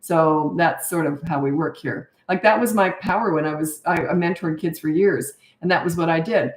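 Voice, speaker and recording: A woman's voice: low voice, normal speed. An older woman, a parenting coach, answering viewer questions with casual advice in a chatty, emphatic way and drifting into anecdotes. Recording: roomy echo.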